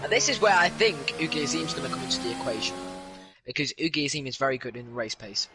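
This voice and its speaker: A man giving slow, measured analysis as co-commentator on a sim racing broadcast. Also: medium pitch, animated. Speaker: co-commentator and driver. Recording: music bed underneath.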